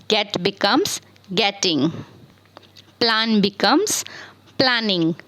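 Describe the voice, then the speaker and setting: A woman teaches a spelling lesson at an unhurried, deliberate pace, spelling out every word letter by letter. Her pitch sits in a middle range. She poses questions to her students and then answers them herself, recorded on a simple phone or laptop mic at home. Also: animated, bright, forceful tone, poor audio. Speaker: English teacher. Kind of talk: slow spelling lesson on verbs.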